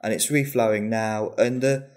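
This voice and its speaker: A man's voice: medium pitch, fairly even intonation, normal speed. A young man, a guest on a gardening podcast, chatting casually and rambling through his thoughts. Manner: warm, rambling with restarts.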